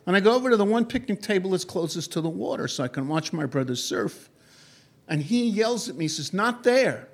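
A man telling a travel story in an animated, digressive way, with many fillers and restarts. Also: high-pitched, a little fast, vocal fry. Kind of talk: anecdotal storytelling.

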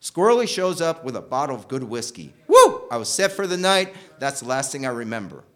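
A man telling a personal story, animated, swinging from loud bursts to hushed asides. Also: medium pitch, a little fast.

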